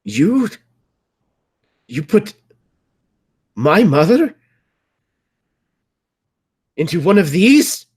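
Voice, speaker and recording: A man's voice: lowish voice, fairly even intonation, extremely slow, long pauses, darkish tone. A man playing a grief-stricken young man who confronts his father in a strained, raw voice. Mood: anguished.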